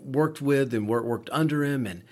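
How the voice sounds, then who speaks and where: A man's mid-range, darkish voice moves at an ordinary pace as he chats casually on a podcast he co-hosts. A paramedic, he tells profanity-laced stories, frequently backing up to start over.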